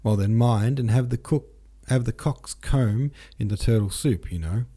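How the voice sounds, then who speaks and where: A man's voice: medium pitch, moderate pace, dark tone, husky, natural voice. A man reading an audiobook, voicing a fussy, flustered old count who gives orders with many exclamations.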